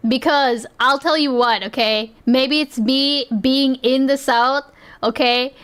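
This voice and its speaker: A woman's voice: high-pitched, fairly even intonation, slow pace, fairly bright tone, smooth. A woman streamer giving casual reaction commentary, chatty and often laughing.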